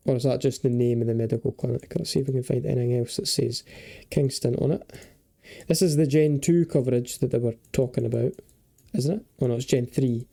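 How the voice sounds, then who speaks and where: A man's voice: medium pitch, brisk, vocal fry, warm tone. A young man giving chatty, casual commentary while playing a geography game, thinking aloud and swearing and joking freely. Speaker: gaming video creator.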